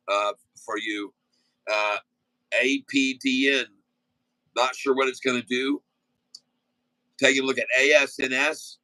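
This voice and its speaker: A man's voice: medium pitch, pushed and bright, dry recording, rough recording. A man hosting a casual day-trading livestream, chatting in a folksy, rambling way full of fillers, asides and stock calls. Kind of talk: casual live-stream chat and stock commentary.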